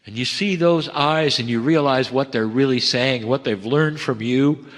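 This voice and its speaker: Speaking gently and at a measured pace in a medium-pitched voice, a man delivers a channeled spiritual message to an audience. He uses emphatic pauses and addresses listeners as dear ones, with a long hall reverb on the recording.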